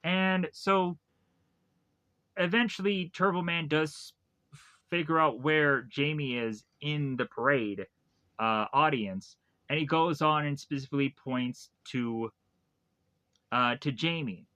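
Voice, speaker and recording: A man's voice: a little high, slow pace, long pauses, pushed and bright. A man reviewing a movie, casually retelling the plot in a rambling way with lots of repeated phrases. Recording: dull lo-fi dry recording.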